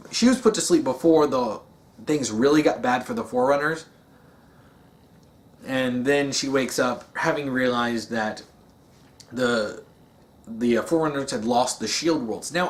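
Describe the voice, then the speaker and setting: A man giving a casual, rambling monologue, with many fillers and restarts. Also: mid-range voice. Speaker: video essayist.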